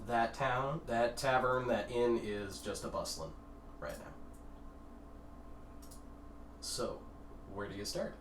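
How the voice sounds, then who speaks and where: A game master narrating a tabletop game, unhurried and quick to laugh. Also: medium pitch, echoey room, recorded from a distance, noisy background.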